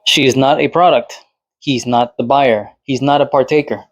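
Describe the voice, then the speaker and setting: A man's voice: mid-range voice, steady tone, normal speed. A man hosting his own channel, ranting to camera in a casual, exasperated way and firing off rhetorical questions. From Latin America. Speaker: channel host responding to another creator.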